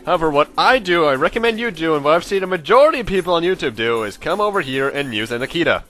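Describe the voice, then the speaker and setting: Bright-voiced rambling young gamer. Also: male voice, fairly high pitch, lively intonation, quick pace, soft background music. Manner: rambling, joking, swears casually. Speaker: let's play gamer. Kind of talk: casual gameplay commentary.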